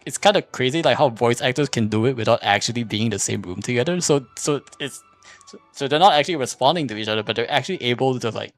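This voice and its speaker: A man's voice: mid-range voice, quick pace, soft background music. A man streaming casual commentary, arguing a point in a rambling way with many restarts and fillers. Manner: repeats "here's the thing" when making a point.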